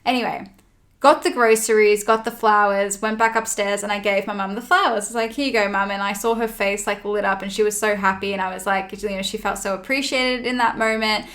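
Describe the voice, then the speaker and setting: A woman's voice: medium pitch, fairly even intonation, a little fast, fairly bright tone. A young woman chatting as a podcast guest, retelling a personal story with plenty of swearing. She voices her own past lines as she goes, in an everyday mid-range voice. The delivery is loose and conversational. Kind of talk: casual storytelling chat.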